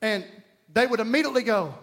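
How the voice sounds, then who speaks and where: A male pastor with an East Texas accent, his voice pitched very high for a man. He preaches emphatically, repeating his key lines for effect and weaving in folksy jokes. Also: fast, a bit bright. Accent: Southern US, East Texas. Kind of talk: sermon.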